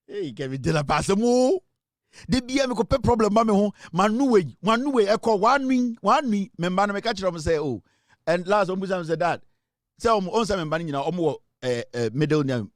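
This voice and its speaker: A middle-aged Ghanaian man hosting a live online political show, an animated storyteller who switches between Twi and English and laughs often. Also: high-pitched, a little fast, no echo, studio quality. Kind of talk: lively livestream commentary.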